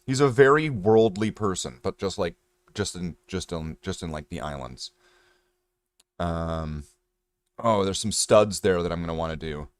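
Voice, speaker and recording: A man's voice: sits low, animated, measured pace, smooth, dry recording. Rambling, jokey man streaming while painting. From Canada. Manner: rambling, jokey, talks to chat. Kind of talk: casual livestream chat while painting miniatures.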